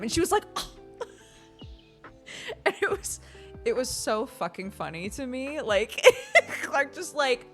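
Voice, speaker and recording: A woman's voice: on the high side, expressive, measured pace, long pauses, fairly bright tone, soft background music. An American woman in her thirties, a streamer chatting casually and telling stories with lots of laughter, acting out the voices of people she quotes. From United States. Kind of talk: casual chat.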